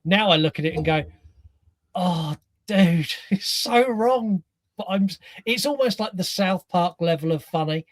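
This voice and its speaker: A male podcast co-host with a fairly high voice, telling it animatedly and acting out his own reactions. He speaks casually and keeps the talk moving. The sound is close and dry. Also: brisk, hardly any pauses, no room sound. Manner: animated storyteller, acts out reactions. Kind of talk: casual film chat.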